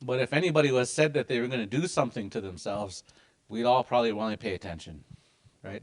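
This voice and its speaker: A man's voice: mid-range voice, quick pace. A man teaching a language class with lots of energy and emphasis.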